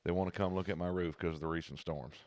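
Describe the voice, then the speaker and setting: Male podcast co-host, low voice, chatty storyteller, dry close recording. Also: fairly even intonation, quick pace, a little mellow, no echo. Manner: rambling storyteller, acts out callers' voices. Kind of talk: casual chat.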